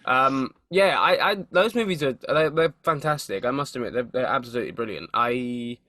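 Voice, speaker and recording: Bright-toned, animated young man chatting. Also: mid-range voice, normal speed, no room sound, clean studio sound. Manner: animated, swears freely, repeats words while thinking. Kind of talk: casual chat.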